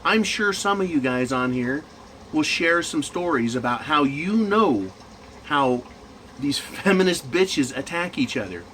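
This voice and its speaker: Crude ranting man, slightly high voice. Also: big pitch swings, a little slow, fairly bright tone, slight background noise, low-quality recording. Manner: crude, mocking, profane. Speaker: commentator; manager. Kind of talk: ranting monologue.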